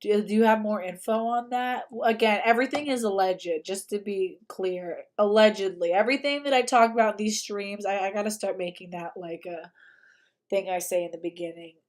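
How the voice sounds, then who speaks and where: A woman's voice: medium pitch, moderate pace, darkish tone. A young woman hosting a livestream, talking casually and emphatically and often repeating herself. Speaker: livestream host.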